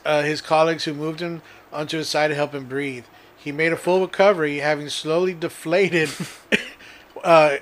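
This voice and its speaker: A man's voice: on the high side, fairly bright tone. A man co-hosting a casual podcast, reading odd news stories aloud and often laughing as he reads. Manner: laughs while reading, playful. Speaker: podcast co-host.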